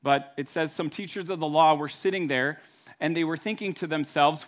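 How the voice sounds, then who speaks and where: Pastor man with a slightly high voice. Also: moderate pace. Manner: conversational storytelling, acts out voices. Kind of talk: sermon.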